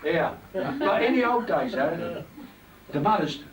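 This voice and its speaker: An older man telling comic stories to a live party crowd in a chatty, teasing, animated way. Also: a little high, slow pace. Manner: chatty, teasing, animated anecdotes with many asides. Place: party hall. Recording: echoey room, distant mic, loud crowd laughter.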